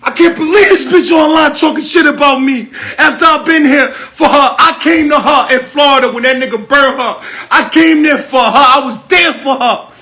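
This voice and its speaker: Furious high-voiced man shouting, tearful. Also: normal speed, few pauses. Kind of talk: emotional livestream rant.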